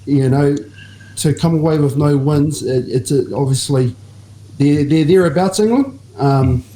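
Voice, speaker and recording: Mellow New Zealand man, measured. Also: on the high side, reverberant, slight background noise, poor audio. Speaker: rugby podcast co-host. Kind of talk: casual chat.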